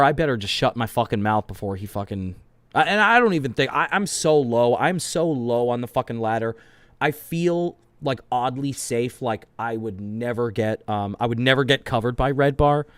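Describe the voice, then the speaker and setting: Male commentator, mid-pitched, casual and profane, dry close mic. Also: normal speed, clean tone, dry recording.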